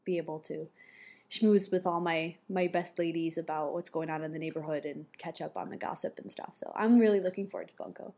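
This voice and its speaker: A chatty woman co-hosts a relaxed family podcast in a warm, mellow voice. She rambles along, her sentences full of fillers and restarts. Her pitch sits a little low. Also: brisk, vocal fry. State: pregnant. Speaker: podcast co-host and mother. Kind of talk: casual chat.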